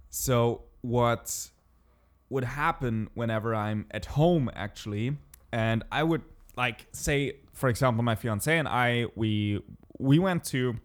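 German man telling stories in casual chat. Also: on the low side. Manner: animated storyteller, swears, acts out quotes.

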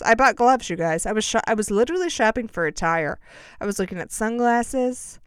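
Chatty woman with a smooth, dry voice. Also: a little high, lively intonation, a little fast, no room sound. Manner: chatty, self-mocking, dramatic asides. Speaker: vlogger telling a personal story. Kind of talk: casual storytelling chat.

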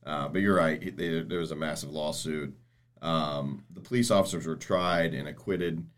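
Very deep-voiced man in casual talk. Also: fairly even intonation, fairly bright tone. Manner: halting, repeats words when starting a thought. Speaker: co-host, former prosecutor. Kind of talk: casual podcast discussion.

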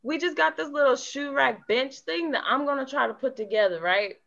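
A woman in casual chat, chatty and quick to jump in, often restarting her sentences. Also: sits high, gravelly, a bit bright, muffled recording.

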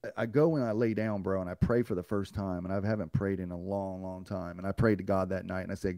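A man's voice: low voice, fairly even intonation, fast talker, hardly any pauses, mellow, no room sound, clean studio sound. A man guest on a podcast, telling a personal story in a blunt, profane way and acting out what others said to him. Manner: blunt and profane, acts out others' lines in a raised voice.

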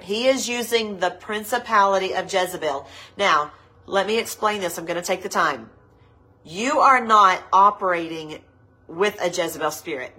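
A woman preaching a livestreamed sermon to women, her nose stuffed up, slow and emphatic, repeating her points with passion. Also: lowish voice, fairly bright tone, low-quality recording.

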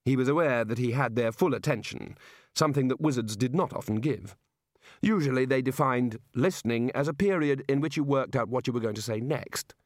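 A man's voice: mid-range voice, a little fast, no echo. Brief: male audiobook narrator, understated and wry, very dry close recording. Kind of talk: scripted narration.

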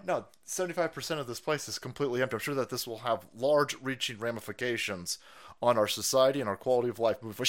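A streamer hosting a live broadcast rants fast in a medium pitch, swearing freely and bursting into loud, mocking impressions and laughter.

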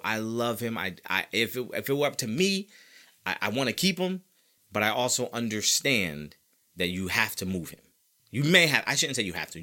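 A man hosting a sports podcast, talking casually and emphatically, repeating himself as he argues his opinions. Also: on the low side. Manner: emphatic, animated and opinionated, with frequent repetition. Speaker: podcast host.

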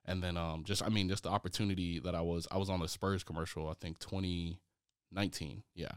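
A man's voice: low-pitched, brisk, smooth, no echo, clean studio sound. A young adult man, a startup founder as a podcast guest, telling stories in casual conversation, acting out quotes and filling his talk with "like". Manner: animated, acts out quoted speech, many fillers.

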